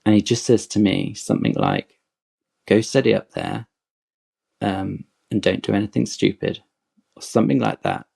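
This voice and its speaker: Man with a low, gravelly voice telling a story. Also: moderate pace, long pauses. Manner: animated, digressive anecdote with acted-out quotes. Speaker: guest telling his fan story. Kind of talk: casual podcast storytelling.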